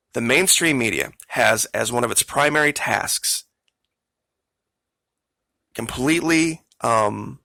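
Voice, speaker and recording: Gravelly-voiced man giving political commentary. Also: medium pitch, sharp tone, dry recording, rough recording. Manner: emphatic, argumentative, addresses viewers directly. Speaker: political commentary channel host. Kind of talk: casual political commentary monologue.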